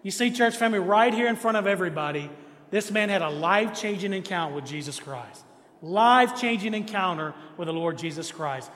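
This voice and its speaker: A man's voice: high-pitched, animated, fairly quick, a bit bright. A man pastor preaching a sermon to his church, emphatic, driving home repeated refrains. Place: church sanctuary. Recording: reverberant church hall.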